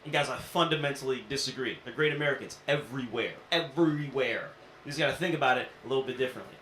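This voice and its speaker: A young man performs a playful, punchy stand-up set at a comedy venue, tossing conversational asides to the laughing crowd. His mid-range voice is fast, bright and forceful, with a little hiss or hum over the roomy live club sound.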